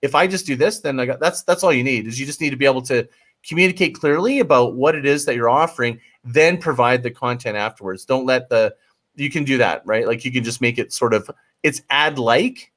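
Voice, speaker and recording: A man's voice: mid-range voice, fairly quick, a bit bright. A man talking as a guest marketing coach in a casual interview, emphatic and pleading, often breaking off and restarting, with the odd swear word.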